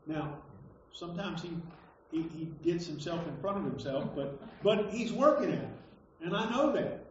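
A pastor preaching a conversational sermon, stumbling over and repeating words, then landing emphatic points. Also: male voice, sits high, expressive, moderate pace, recorded from a distance, a little hiss or hum. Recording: echoey hall, dull lo-fi sound.

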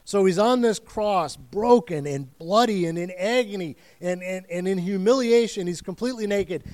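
A man's voice: sits high, normal speed, darkish tone. A man preaching a sermon as pastor, telling the story in earnest and vivid detail and repeating phrases for weight.

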